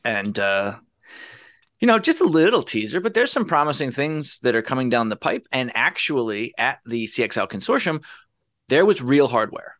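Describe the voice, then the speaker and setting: A man's voice: mid-range voice, sing-song, normal speed, a bit bright, dry recording. A man co-hosting a podcast in casual banter, with dry, wry humor. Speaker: podcast co-host.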